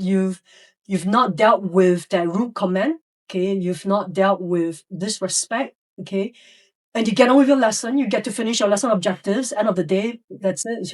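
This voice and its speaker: A woman's voice: medium pitch, a little mellow, far from the mic. A woman educator telling classroom stories in a podcast interview, acting out the voices of students and teachers. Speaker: educator guest.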